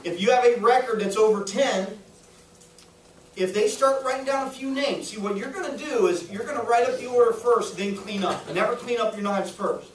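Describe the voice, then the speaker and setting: A man's voice: very high-pitched, moderate pace, slight background noise. A man giving a live sales training talk to a small audience in a room, upbeat and coaching, often checking if the room is following. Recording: echoey room, voice a little far.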